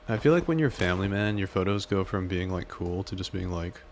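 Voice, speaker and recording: A young man with a very low voice talks through a shooter game. He mutters curses and narrates his moves to himself. The tone is casual chat among friends. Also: lively intonation, fast talker, a little hiss or hum. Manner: cursing, muttering to himself while playing. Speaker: streamer playing a shooter game.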